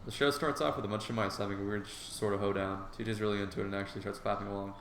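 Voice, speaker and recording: Man reading a game aloud, low voice. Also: fairly even intonation, very fast, a little hiss or hum. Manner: casual, joking asides. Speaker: game player and narrator. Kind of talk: reading a visual novel aloud. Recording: echoey room, soft guitar music.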